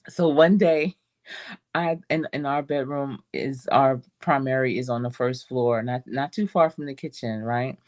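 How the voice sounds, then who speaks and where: A woman's voice: low-pitched, animated, normal speed, darkish tone. A middle-aged woman coach telling a story in a casual motivational talk, laughing often and calling her listeners y'all. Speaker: life coach.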